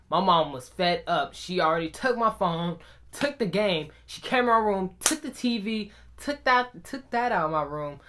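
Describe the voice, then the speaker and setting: A man's voice: high-pitched, fairly bright tone, slight background noise. A young man telling a personal story to his viewers. He talks casually and animatedly, calling out to the audience often. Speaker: vlogger.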